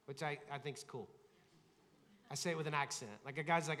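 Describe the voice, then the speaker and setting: Conversational pastor in a reverberant sanctuary. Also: male voice, on the high side, normal speed. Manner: conversational preaching, animated, acts out quoted voices. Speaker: lead pastor. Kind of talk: sermon. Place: large church sanctuary. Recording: long hall reverb.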